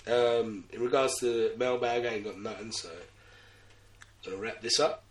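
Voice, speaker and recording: A man's voice: mid-range voice, steady tone, normal speed, far from the mic. A young man hosting a podcast, joking around in loose slang and laughing often. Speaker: podcast host. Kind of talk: casual podcast banter. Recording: roomy, off-mic sound.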